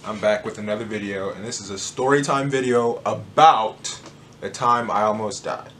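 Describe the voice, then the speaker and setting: A man telling a personal story to camera in a casual, animated, joking way. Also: lowish voice, normal speed, a little hiss or hum. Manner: animated, joking, acts out moments. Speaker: vlogger.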